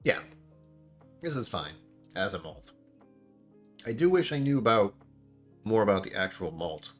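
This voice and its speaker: A man talks casually to his stream chat, rambling from one thought to the next. His voice sits low but swoops up and down with plenty of movement. Faint music plays quietly behind him. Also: big pitch swings, a little slow. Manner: rambling, chatty, reacting to chat. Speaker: whiskey reviewer streamer.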